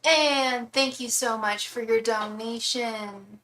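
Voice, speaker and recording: A woman's voice: on the high side, fairly even intonation, takes it slowly, few pauses, pushed and bright, a little hiss or hum. A woman running a live tarot reading stream in casual chat, calling her viewers love and darling.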